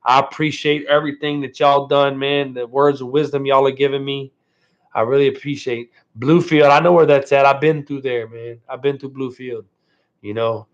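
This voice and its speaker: A man with a mid-range voice hosts a casual live stream from home, chatting with viewers in a laid-back way. He keeps thanking them and ends his phrases with "man." The stream audio is dull and lo-fi.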